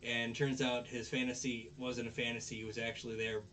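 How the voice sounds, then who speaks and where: A man's voice: mid-range voice, little pitch movement, fairly quick, a bit bright, slight background noise. Man podcast host, casual rambling recapper, mid-range voice. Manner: rambling, many fillers and restarts.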